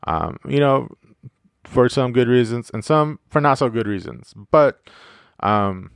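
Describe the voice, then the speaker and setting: A man's voice: mid-range voice, clear, resonant tone, no room sound, clean studio sound. A man hosting a casual solo podcast, rambling and joking with plenty of profanity and fillers. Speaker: podcast host.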